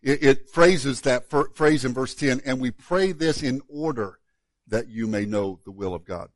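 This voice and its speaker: A man, a pastor, preaching a sermon in a relaxed, conversational way, often repeating words as he restarts a thought. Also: on the high side, no room sound.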